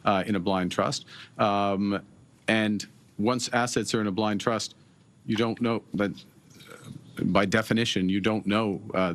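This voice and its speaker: A middle-aged man from Canada answering reporters' questions at a press conference, measured and halting, with many pauses and fillers. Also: on the low side, a bit bright, a little hiss or hum. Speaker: prime minister at a press conference.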